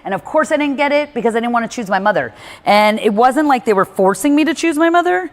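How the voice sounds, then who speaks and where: A woman's voice: fairly high pitch, lively intonation, quick pace, in a large hall. A woman giving candid one-on-one advice in a blunt, emphatic way, swearing freely. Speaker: personal growth speaker coaching a listener.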